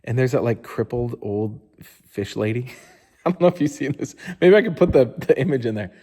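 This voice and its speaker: A man's voice: mid-range voice, a little fast, warm tone, big-room sound. A man in a casual motivational storytelling style, candid and informal, who swears often and says "like" a lot. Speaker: motivational speaker.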